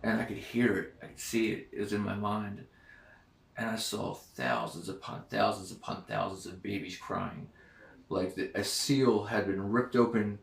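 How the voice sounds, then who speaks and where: A man recounting a dream in a casual monologue, hesitant and halting, with many ums and restarts. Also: lowish voice, gravelly. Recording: echoey room, far from the mic.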